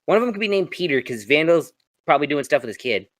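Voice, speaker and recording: A co-host of a tabletop game talk, pitching names and jokes in a playful, casual chat. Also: big pitch swings, quick pace.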